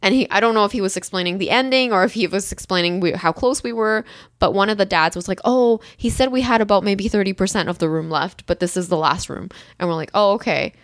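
A young woman casually telling a story, acting out quoted lines with a jump in pitch and frequent laughs. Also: fast talker, no echo, clean studio sound. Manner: animated, acts out quotes with rising pitch and laughs. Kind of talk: casual chat.

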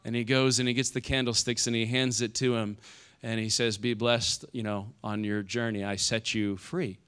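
A pastor in his forties preaches a sermon in a clear, resonant, mid-range voice at normal speed. He tells stories with animation and keeps asking "right?" again and again.

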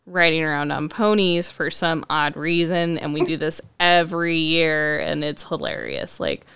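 A woman's voice: low voice, animated, unhurried, vocal fry, a bit bright, clear, resonant tone, no echo. A woman in casual conversation, talking thoughtfully and hedging with frequent fillers.

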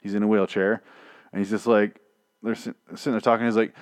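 A man's voice: on the low side, little pitch movement, fairly quick, smooth, no room sound. Man, casual reviewer, rambling and sarcastic, dry sound. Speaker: TV show reviewer. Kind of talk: casual recap rant.

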